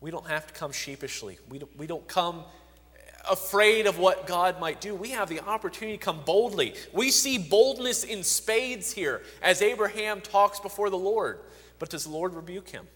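A man's voice: sits high, moderate pace, fairly bright tone, in a large hall. A man preaching a sermon, reading scripture aloud with rising emphasis and often restarting phrases.

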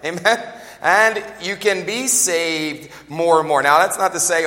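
A man in his forties preaching a revival sermon, lively and joking, often laughing and calling out to the congregation. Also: fairly high pitch, normal speed, big-room sound. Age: 40s.

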